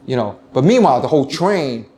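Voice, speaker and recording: A middle-aged man, a retired police lieutenant telling stories in an interview, animated and full of restarts. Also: mid-range voice, a little fast. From United States. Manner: animated storytelling, many restarts, acts out quoted voices. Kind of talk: casual interview talk.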